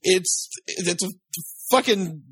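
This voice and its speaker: A man's voice: sits high, animated, slow, a bit bright, breathy edge, dry recording. A man co-hosting a podcast, chatting casually about a film, blunt and exasperated, swearing freely. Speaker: podcast co-host. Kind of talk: casual chat reviewing a film.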